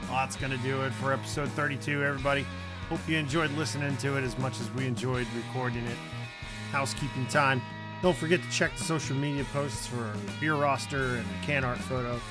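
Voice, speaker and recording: A man's voice: medium pitch, fairly quick, loud music behind the voice. A man hosting a casual podcast, telling stories with friends and laughing often. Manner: animated storyteller, laughs often. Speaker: podcast host. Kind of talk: casual chat among friends.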